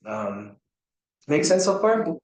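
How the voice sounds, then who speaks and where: A man's voice: on the high side, sing-song, slow pace. An American man, a rabbi, teaching a class in a casual way, with many fillers and restarts and frequent checks on his students. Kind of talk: informal class lecture. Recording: echoey room.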